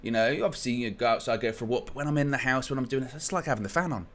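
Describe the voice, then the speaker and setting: A man's voice: mid-range voice, very fast, a bit bright. A man from England hosting a live-stream football fan show, chatty and rambling as he reads out viewer comments. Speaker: fan channel host.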